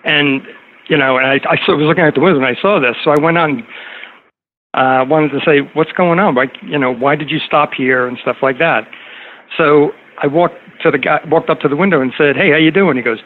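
A man's voice: fairly high pitch, fairly even intonation, a little fast. A middle-aged man telling a story in casual conversation, rambling with many fillers and restarts. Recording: tinny phone-like line with faint noise.

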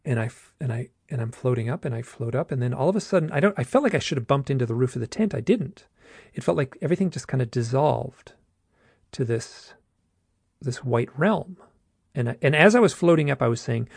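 A man casually recounting a personal experience, halting and restarting often, with a gravelly voice. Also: mid-range voice, expressive, a little mellow, no echo, clean studio sound. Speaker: guest telling his own story. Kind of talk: casual storytelling.

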